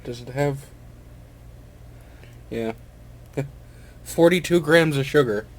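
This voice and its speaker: A man's voice: medium pitch, slow. A young man chatting casually and hesitantly, with many fillers and self-deprecating asides, while tasting a drink at home. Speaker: hobbyist vlogger. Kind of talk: casual rambling chat. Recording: noisy home recording with clinking.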